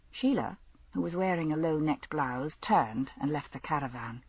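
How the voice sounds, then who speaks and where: A woman narrating an audiobook mystery in an expressive storytelling manner. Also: low voice, normal speed, slightly rough, no echo. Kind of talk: scripted narration.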